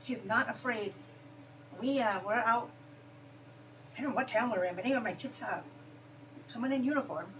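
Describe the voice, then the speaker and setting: A woman in a casual conversation, a mother telling heartfelt stories at a quick pace. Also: on the high side. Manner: heartfelt, fast-paced storytelling. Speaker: guest, mother. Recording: distant mic with noise.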